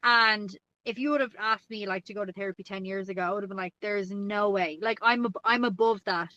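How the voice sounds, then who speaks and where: A woman's voice: mid-range voice, fairly even intonation, fast talker, bright, forceful tone, dull audio. A woman with a North Dublin Irish accent, chatting casually on a podcast and filling her talk with lots of "like"s. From Ireland. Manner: chatty, many "like"s, laughs often. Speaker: guest co-host.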